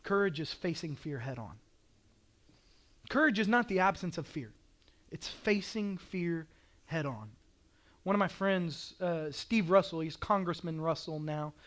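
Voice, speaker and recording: High-voiced man preaching with passion. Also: expressive, unhurried, fairly bright tone. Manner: passionate, emphatic preaching with repeated declarations. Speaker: pastor. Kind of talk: sermon.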